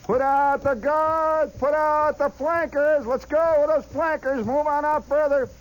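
A man's voice: very high voice, fairly even intonation, unhurried, dull audio, voice pushed up. A man voicing an army sergeant who bellows orders down a marching column. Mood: barking orders. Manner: yelling commands down the line.

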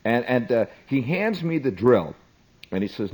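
Husky animated male storyteller. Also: mid-range voice, moderate pace, low-quality recording. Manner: animated, chatty, asides to listener. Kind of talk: comic storytelling monologue.

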